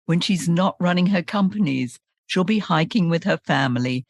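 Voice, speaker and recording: A woman's voice: on the low side, expressive, moderate pace, dry recording, clean studio sound. A woman hosting a podcast interview, enthusiastic and polished. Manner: enthusiastic, scripted-sounding intro. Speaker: podcast host.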